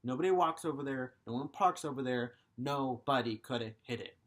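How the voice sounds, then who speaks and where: A man's voice: medium pitch, brisk. A young man vlogging a frustrated, profane, rambling rant about a bad car experience. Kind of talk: ranting vlog.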